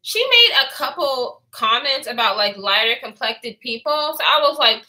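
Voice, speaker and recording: A woman's voice: a little high, big pitch swings, normal speed, hardly any pauses, bright, forceful tone. A woman in her twenties chatting in a candid storytime vlog, profane and chatty, answering comments. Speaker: vlogger. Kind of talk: storytime chat with live comments.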